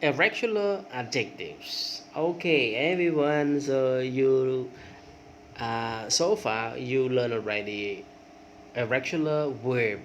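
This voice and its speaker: A man whose first language is Khmer teaches English grammar at an unhurried pace, reciting example words in rising drills and checking in often with "okay". A faint air-conditioner hum sits behind his mid-pitched voice. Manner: repeats word forms in drills, rising on examples, many okays. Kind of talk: grammar lesson.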